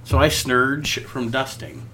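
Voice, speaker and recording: A woman's voice: very deep voice, animated, takes it slowly, heavy background noise. A woman co-hosting a podcast in casual chat, joking and breaking into whoops and laughter. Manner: jokey, bursts into loud whoops and laughter. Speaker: podcast co-host.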